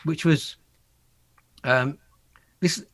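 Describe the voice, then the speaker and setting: A man, a musician guest, telling lively anecdotes, acting out quotes and laughing often. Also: a little high, drawn-out words. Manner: animated storyteller, acts out quotes, laughs often. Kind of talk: anecdotal interview talk.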